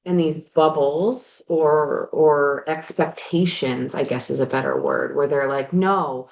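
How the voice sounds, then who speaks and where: A woman's voice: low voice, fairly even intonation, unhurried, vocal fry, darkish tone. A woman life coach and podcast host talking frankly and animatedly, now and then swearing, while working on projects in her garage. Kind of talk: candid motivational chat. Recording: roomy echo.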